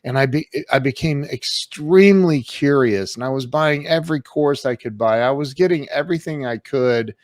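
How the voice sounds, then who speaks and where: Fifties male guest, mid-pitched, candid and emphatic, recorded dry. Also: no echo. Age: 50s. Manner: candid, emphatic, acts out quoted exchanges. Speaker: podcast guest. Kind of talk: casual storytelling in an interview.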